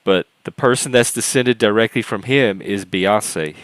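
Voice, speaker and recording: A Cajun man from South Louisiana in his forties, rambling and halting as he tells stories while hosting a panel chat. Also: fairly low pitch, fairly bright tone, dry recording, low-quality recording. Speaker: host of a panel discussion. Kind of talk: casual chat.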